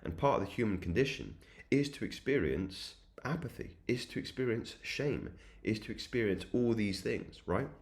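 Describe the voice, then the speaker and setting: A man's voice: lowish voice, animated, moderate pace. A young man hosting a self-improvement channel, giving an earnest, preachy spiritual monologue that repeats its points in rhythmic lists. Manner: earnest, repetitive, preachy cadence.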